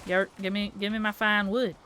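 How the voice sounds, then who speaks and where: Bright, chatty Southern woman streamer. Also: medium pitch, level tone, normal speed, a little hiss or hum. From American South. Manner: chatty, giggly, thinks aloud and mutters to herself. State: sleepy. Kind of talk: casual live-stream chat while building.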